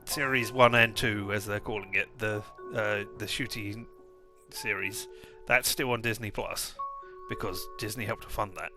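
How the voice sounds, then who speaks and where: A man's voice: on the low side, steady tone, normal speed, over music. A man streaming a game, chatting casually in a rambling, jokey way full of digressions. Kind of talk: casual let's-play chat.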